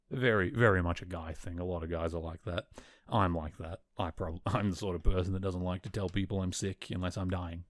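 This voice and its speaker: A man's voice: fairly low pitch, darkish tone, dry recording, clean studio sound. A man hosting a podcast, casually recapping a TV episode and retelling scenes with quoted lines. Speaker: podcast host.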